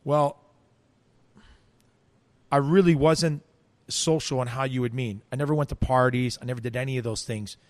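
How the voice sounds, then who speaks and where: A man's voice: medium pitch, steady tone, moderate pace, long pauses, no echo. A man telling a story in an interview, acting out quoted voices, with frequent restarts. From United States. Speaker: interview guest.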